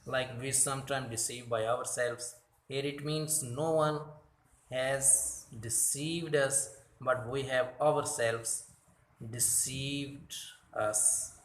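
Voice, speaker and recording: A man teaching a grammar lesson from slides, speaking deliberately and correcting his own slips. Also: medium pitch, fairly even intonation, fairly bright tone, echoey room. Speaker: English teacher.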